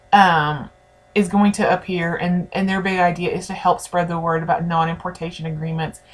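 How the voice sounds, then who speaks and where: A woman teaching a history lesson in a conversational way, speaking directly to her students. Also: lowish voice. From United States. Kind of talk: recorded classroom lecture.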